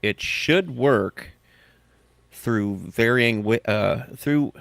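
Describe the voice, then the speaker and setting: A man's voice: medium pitch, very slow, creaky, fairly bright tone, no echo. A man hosting a podcast, chatting and joking, then reading tech news items aloud. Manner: joking, self-mocking, reads items aloud. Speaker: podcast host.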